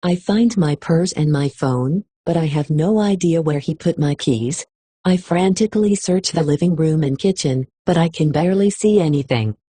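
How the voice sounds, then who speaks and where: A woman's voice: sits low, moderate pace, warm tone, husky, dry recording. A woman reading a first-person novel aloud in an emotional storytelling style. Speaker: audiobook reader. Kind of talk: expressive audiobook narration.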